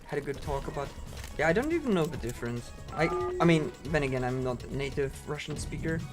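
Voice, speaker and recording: A man's voice: fairly high pitch, animated, quick pace. A male streamer chatting casually while speedrunning a game, rambling with many fillers and restarts. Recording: voice over game music.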